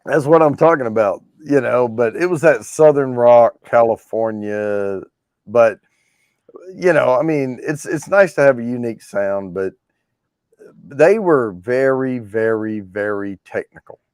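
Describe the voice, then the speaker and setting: A man's voice: medium pitch, unhurried, darkish tone, smooth, no echo, clean studio sound. A man hosting a giveaway show, chatting casually about classic rock, rambling with frequent restarts. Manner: rambling, restarts often, storytelling.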